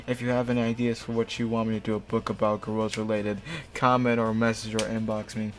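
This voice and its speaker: A man's voice: on the low side, flat delivery, brisk. A young man reading a fanfic aloud and mocking it, sarcastic, swearing often. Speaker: host. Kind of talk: mocking read-aloud commentary.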